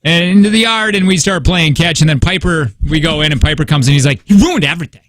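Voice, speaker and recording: A man's voice: on the high side, quick pace, fairly bright tone, no echo. A young man co-hosting a casual radio show, telling a story and acting out his kids and neighbors in raised voices. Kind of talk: casual morning radio banter. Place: radio studio. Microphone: studio microphone.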